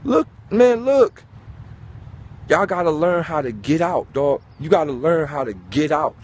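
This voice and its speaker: A man giving an animated, preachy motivational talk, swearing and calling listeners dog. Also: on the high side, unhurried, dull audio. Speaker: host.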